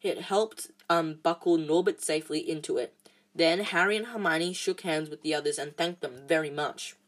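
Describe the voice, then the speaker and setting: A woman reading a novel aloud chapter by chapter, halting often with restarts and fillers. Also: sits low. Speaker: storybook reader.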